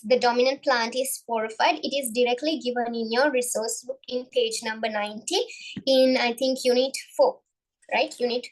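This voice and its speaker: A woman's voice: a little high, poor audio. A young woman giving a biology revision lesson, often repeating and restarting her phrases. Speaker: biology tutor.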